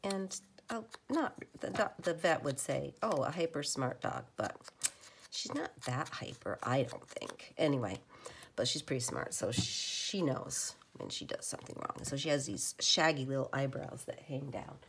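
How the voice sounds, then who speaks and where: A woman chatting casually at her home craft table, rambling and often dropping into a soft whisper. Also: a bass voice, animated, normal speed, vocal fry, slight background noise. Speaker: crafter making journal ephemera.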